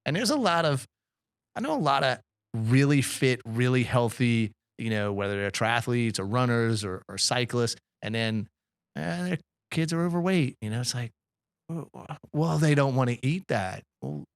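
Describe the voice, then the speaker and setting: A middle-aged man rambles through a casual podcast chat, halting and restarting as he goes. His pitch swings widely and his voice has a gravelly fry to it. The recording is dry and close. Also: expressive, no room sound. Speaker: podcast co-host.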